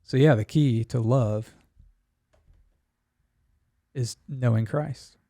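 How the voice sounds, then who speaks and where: Male co-host, slow and gravelly, dry sound. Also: mid-range voice, dark tone, no echo. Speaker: podcast co-host. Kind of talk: casual chat.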